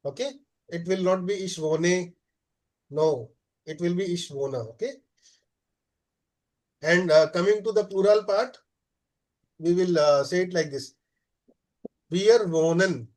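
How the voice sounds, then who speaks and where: High-voiced teacher. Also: male voice, a little mellow. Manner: explains slowly, checks with frequent "okay?"; many "uh" fillers. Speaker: German teacher. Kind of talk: live class lesson.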